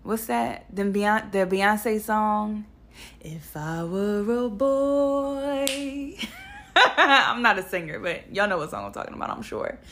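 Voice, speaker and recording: A young adult woman talking straight to her viewers in a casual storytime monologue. She is blunt and animated, swears freely and speaks at a mid pitch for a woman. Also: measured pace. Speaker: vlogger.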